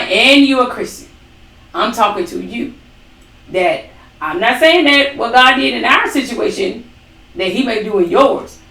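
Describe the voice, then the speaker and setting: In an echoey room and well away from the microphone, a ministry co-host speaks in a fairly high, fairly bright voice. She offers an emphatic faith testimony, punctuated by dramatic quoted remarks.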